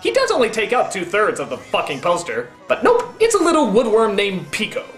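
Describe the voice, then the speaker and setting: A man's voice: sits high, wildly swooping pitch, brisk, few pauses, faint music behind. Exasperated ranting man, roomy sound. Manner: ranting, exasperated, shouting bursts. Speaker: film reviewer. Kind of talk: comedic review.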